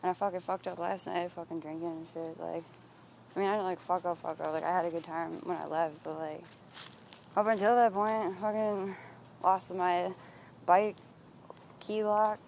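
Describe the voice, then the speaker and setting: A vlogger muses out loud while walking outside, swearing freely and circling back on unfinished thoughts. The voice sits at an ordinary, middle pitch, with a faint hiss of open air behind it. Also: fairly even intonation, normal speed, gravelly, pauses often. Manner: profane, searching, thinks aloud with restarts. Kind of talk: rambling introspective monologue. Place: outdoors, walking.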